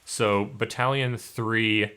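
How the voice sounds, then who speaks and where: A young man narrating as game master, describing scenes in a relaxed way with many fillers. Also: fairly low pitch, slow pace, smooth.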